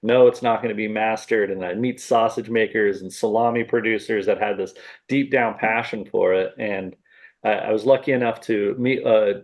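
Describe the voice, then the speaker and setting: A man's voice: lowish voice, lo-fi sound. A middle-aged man, a podcast guest, telling his story in a casual interview, often laughing and acting out what he said back then. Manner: animated storyteller who acts out his own remarks, laughs often. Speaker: podcast guest, salami maker.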